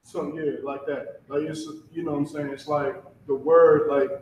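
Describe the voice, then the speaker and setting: Halting male student, far and echoey. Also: flat delivery, darkish tone. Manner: halting, searching for words. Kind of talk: asking a question in class. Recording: echoey, distant, muffled room mic with faint rumble.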